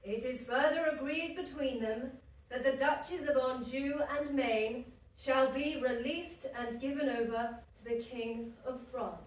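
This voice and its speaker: A woman playing a grave male lord protector, reading formal terms aloud in a measured way. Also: high-pitched. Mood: troubled. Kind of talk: stage acting. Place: theatre stage. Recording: echoey theatre from far off.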